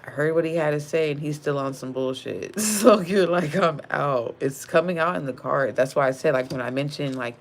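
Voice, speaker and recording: A woman's voice: extremely low pitch, steady tone, a little fast, few pauses. A young woman giving a casual tarot reading, blunt and slangy with lots of profanity, calling the viewer sis. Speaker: tarot card reader.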